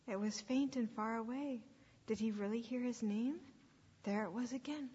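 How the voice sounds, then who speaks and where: A woman reading a story aloud to children at church, expressive and sometimes dropping to a hushed whisper. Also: fairly high pitch, normal speed, husky. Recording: echoey hall, dull lo-fi sound.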